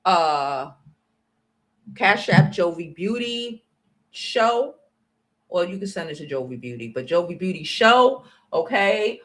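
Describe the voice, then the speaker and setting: A woman from the United States hosts her own channel and delivers a livestream commentary rant that is blunt, profane, and confrontational. She speaks slowly and expressively, swinging between loud outbursts and low muttering.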